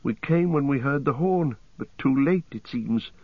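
A man's voice: mid-range voice, moderate pace, no echo, narrow, tinny audio, pitched above the performer's own voice, natural voice. A man voicing a grieving male elf archer, speaking in an earnest, solemn way. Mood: sorrowful.

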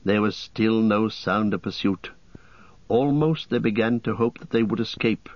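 A man reading an audiobook in a steady, measured narration. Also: fairly low pitch, dry recording. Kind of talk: scripted narration. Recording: dull lo-fi cassette.

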